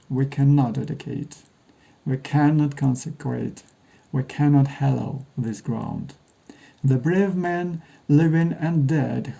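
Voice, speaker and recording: A man's voice: mid-range voice, gravelly, mellow, poor audio. A man voicing a male guide who recites a famous old speech in solemn, declaiming oratory.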